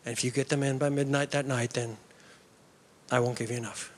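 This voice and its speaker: A man voicing a stern older male professor who speaks in a measured, firm way. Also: mid-range voice, fairly even intonation, slight background noise, pitched below the performer's own voice, natural voice.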